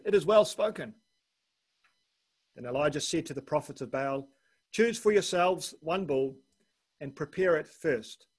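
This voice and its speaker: A man's voice: fairly high pitch, husky. A man preaching a sermon, reading a long scripture passage aloud and lifting his voice for the quoted speech.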